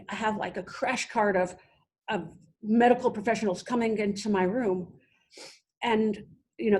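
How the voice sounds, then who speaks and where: A young adult woman, a podcast guest, telling her own story in a halting way with many restarts. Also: medium pitch, darkish tone. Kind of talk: personal storytelling interview.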